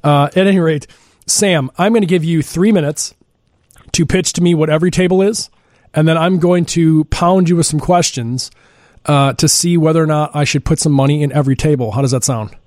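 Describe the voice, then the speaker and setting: Fast-talking joking male radio host. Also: on the high side, darkish tone, no room sound, studio quality. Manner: fast, joking, loose with fillers. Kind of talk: casual radio talk. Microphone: studio microphone.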